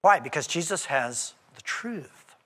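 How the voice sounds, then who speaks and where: A male pastor preaching a conversational sermon, animated and acting out the voices in the story. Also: a little high, a little slow, in a large hall. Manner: animated and conversational, acts out quoted speech.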